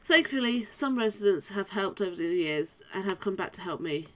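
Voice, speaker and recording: A woman's voice: medium pitch, animated, moderate pace, a bit bright, natural voice. A woman reading the lines of a kind, earnest male orc charity worker in a video game, in a formal, earnest manner. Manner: formal, earnest read-aloud dialogue.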